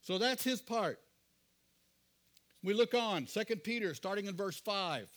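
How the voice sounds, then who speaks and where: A middle-aged male pastor preaching a sermon, earnest, often asking the congregation questions and dropping to quiet asides. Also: sits high, expressive, unhurried.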